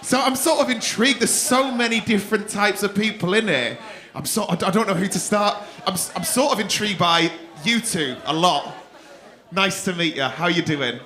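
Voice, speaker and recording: Cheeky comedian teasing the crowd. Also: male voice, high voice, moderate pace, bright, forceful tone. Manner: cheeky, teasing, swears freely. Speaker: stand-up comedian. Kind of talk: crowd work. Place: comedy club stage before a laughing crowd. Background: audience laughter.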